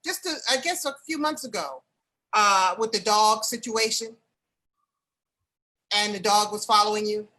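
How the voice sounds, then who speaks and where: A woman's voice: mid-range voice, a little slow, pauses often, pushed and bright. A woman on a discussion panel, politely and hesitantly prompting another speaker.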